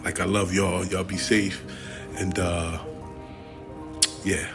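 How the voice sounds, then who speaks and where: A man casually telling a personal story, jokey and animated, his voice jumping higher when he quotes people. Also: slow pace, music in the background. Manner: jokey, uses "y'all". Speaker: storyteller in a shared clip.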